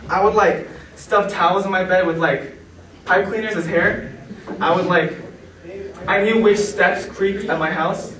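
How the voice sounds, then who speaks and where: A man telling stand-up stories on a comedy club stage, animated and acting out the people in them. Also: high-pitched, measured pace, recorded from a distance. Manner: animated, acts out quoted voices. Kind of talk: stand-up storytelling. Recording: roomy club sound from afar, noisy. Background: club audience laughter.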